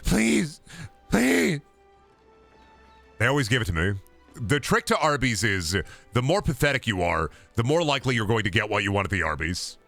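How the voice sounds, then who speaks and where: Bright-voiced man joking on a stream. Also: on the low side, sing-song, fast, soft background music. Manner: joking, rambling, trash-talking. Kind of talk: casual gameplay chat.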